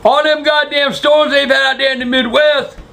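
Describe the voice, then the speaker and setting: A foul-mouthed older man tells a rambling vlog story. His voice sits high and gravelly, full of fry. He swears at nearly every turn and now and then bursts out loud. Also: level tone, moderate pace. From South Carolina. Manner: crude, swearing constantly, loud outbursts. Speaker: vlog host. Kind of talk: profane storytelling.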